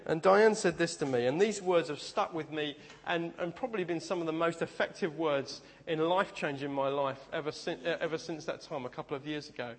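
A man's voice: on the high side, brisk, hardly any pauses, in a large hall. A man preaching a sermon, telling personal stories with self-deprecating humor and stop-start phrasing. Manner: speaks in bursts with repeated restarts.

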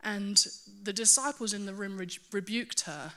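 A woman preaching a sermon to her church, earnest and animated, with self-mocking asides. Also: mid-range voice, normal speed.

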